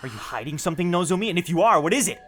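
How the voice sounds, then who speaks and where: A man's voice: sits high, sing-song, very fast, a bit bright, faint music behind. A man voicing a curious, determined teenage boy student, reading game dialogue aloud with pointed questions. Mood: probing.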